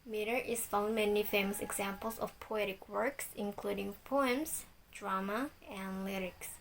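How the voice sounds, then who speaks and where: Young woman reading a class presentation, gravelly. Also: medium pitch, unhurried, slight background noise, rough recording. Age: young adult. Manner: reads lists of examples in a steady recital. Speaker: student presenter.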